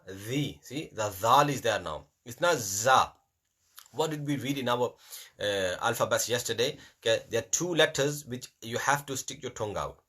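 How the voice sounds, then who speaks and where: A man teaching Quran pronunciation, explaining rules in English and slowing down to recite verses. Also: mid-range voice, bright, forceful tone, husky. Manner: explains in English mixed with Hindi, slows right down to recite verses. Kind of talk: online lesson.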